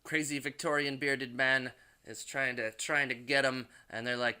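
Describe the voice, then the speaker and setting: A man's voice: mid-range voice, steady tone, normal speed, bright, forceful tone, clear, resonant tone. A man casually recapping a movie plot, rambling and loose, with plenty of swearing. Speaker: movie reviewer.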